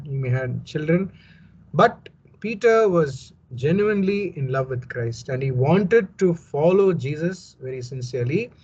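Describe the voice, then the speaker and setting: A man teaches a Bible passage in a higher-pitched voice that has a husky edge. His tone is mellow and dark. The recording is dull and lo-fi. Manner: explanatory, repeats points, conversational asides.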